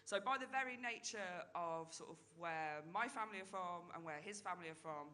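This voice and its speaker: A woman's voice: lowish voice, brisk, bright, forceful tone. A woman in her thirties performing a chatty stand-up comedy set, tagging her lines with "right?" and "like". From Britain. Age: 30s.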